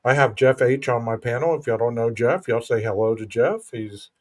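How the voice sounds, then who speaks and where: A man's voice: medium pitch, normal speed. Guy hosting a live chat stream, earnest and thoughtful, keeps saying bro. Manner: earnest, reflective, says "bro" and "you know". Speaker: podcast host. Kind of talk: casual livestream chat.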